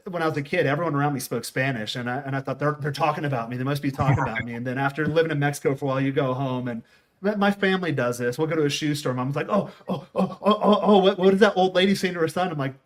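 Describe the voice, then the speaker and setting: A middle-aged man from the United States, hosting a casual conversation and telling stories with a wandering, restart-filled delivery. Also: a little high. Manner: rambling storyteller, quotes people in voices. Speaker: host.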